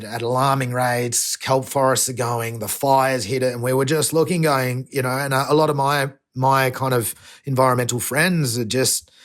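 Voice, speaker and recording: In a podcast interview, an Australian man who is an environmental activist talks with emotion and earnestness, frequently starting his sentences over, in a medium-pitched voice.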